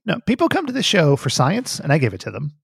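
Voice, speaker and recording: A man hosts a casual podcast, rambling and laughing through loose, profane banter. His voice has a gravelly fry and a husky edge. The sound is dry and close, with a lively laugh breaking in often. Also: a little high, quick pace, no room sound. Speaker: podcast host.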